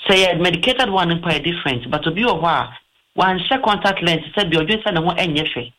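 A man's voice: fairly high pitch, a little fast, pushed and bright, rough recording. A man with a Ghanaian accent, an eye doctor giving health advice on a talk show, explaining patiently and mixing in English terms.

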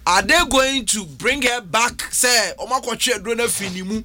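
A man with a Ghanaian accent, explaining calmly and giving short affirmations. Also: extremely high pitch, normal speed, a little hiss or hum. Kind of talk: casual discussion mixing English and Twi.

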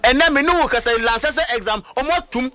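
In a very high, pushed, bright voice, a middle-aged Ghanaian-accented man rushes through fiery political commentary. He's emphatic, fires off rhetorical questions, and moves between languages.

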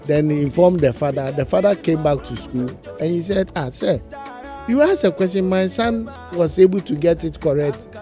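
Man, fairly high voice, joke-teller, casual chat, faint music. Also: moderate pace, mellow. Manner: acts out the characters' lines in his joke. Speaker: co-host.

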